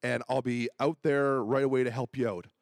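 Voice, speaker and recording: A man's voice: medium pitch, flat delivery, normal speed, creaky, no room sound, clean studio sound, close to an everyday voice. A man, a pastor, voicing an easygoing male hunting buddy in a casual, breezy way.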